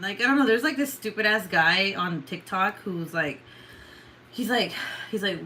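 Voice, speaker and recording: A woman's voice: mid-range voice, normal speed, sharp tone, a little hiss or hum, poor audio. A tired young woman chatting casually in a late-night livestream, rambling and swearing with lots of fillers. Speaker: vlogger.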